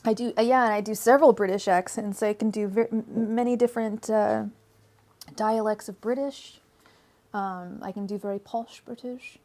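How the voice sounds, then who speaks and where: A young woman from the United States reads tarot live for her viewers in a relaxed, chatty way. She laughs easily, talks straight to the people in her chat, and slips into a steady, repetitive chant when she calls on her spirit guides. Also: mid-range voice, moderate pace. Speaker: tarot reader. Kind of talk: live-stream tarot reading.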